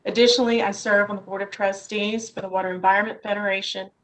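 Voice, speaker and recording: A woman reads a prepared statement at a measured pace while testifying to a Senate hearing by video call from her office. Her medium-pitched voice is steady in tone and a bit bright, though the recording quality is rough.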